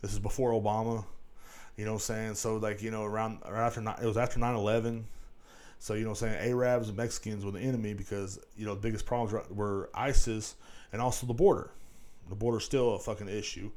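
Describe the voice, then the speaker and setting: Low, mellow-voiced rambling man. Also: level tone, quick pace. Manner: rambling and profane, full of "you know what I'm saying". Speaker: podcast host. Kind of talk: casual solo podcast monologue.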